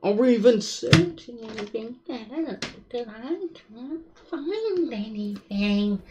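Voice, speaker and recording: A woman's voice: a little high, lively intonation, slow, mellow, far from the mic, a little hiss or hum. A woman streaming a game, swearing and talking to herself in frustration as she searches for the way forward. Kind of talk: live gameplay commentary.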